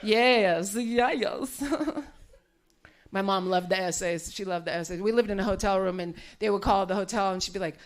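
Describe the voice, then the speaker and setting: A woman's voice: medium pitch, moderate pace. A woman comedian doing live stand-up on a club stage, brash and profane, teasing the crowd.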